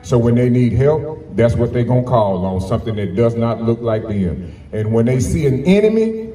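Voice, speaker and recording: A man's voice: mid-range voice, big pitch swings, moderate pace, dark tone. A man giving an impassioned rally speech, emphatic and repeating his points, recorded from a distance with echo and background noise. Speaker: rally speaker. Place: public rally. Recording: echoey, distant, noisy outdoor rally recording.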